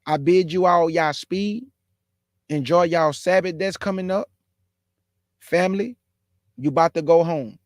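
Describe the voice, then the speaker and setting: Fervent high-voiced male preacher. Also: measured pace, pauses often, dry recording, studio quality. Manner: fervent, repetitive exhortation; prays aloud, pleading. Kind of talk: sermon closing with prayer.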